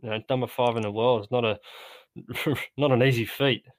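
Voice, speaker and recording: A man's voice: medium pitch, steady tone, normal speed, no echo. A man chatting casually as a golf podcast co-host, hesitant and repeating words as he thinks. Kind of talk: casual sports chat.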